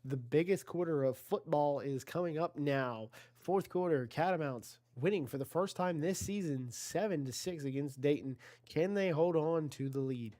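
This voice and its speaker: A man's voice: on the high side, normal speed, few pauses, warm tone. A man giving casual play-by-play commentary on an online video game football league, chatty and self-correcting, talking to his chat and rising on big plays.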